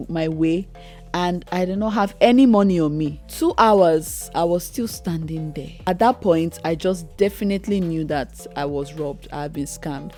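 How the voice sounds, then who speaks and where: A young adult woman with a Nigerian accent, telling a personal story to camera in a lively way and acting out the other people's voices. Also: lowish voice. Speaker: vlogger.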